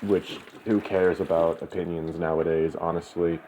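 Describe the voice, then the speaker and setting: Very deep-voiced man ranting, lo-fi. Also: flat delivery, moderate pace, warm tone. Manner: profane, ranting. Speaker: channel host. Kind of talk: rambling monologue. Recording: slightly dull lo-fi, faint background noise.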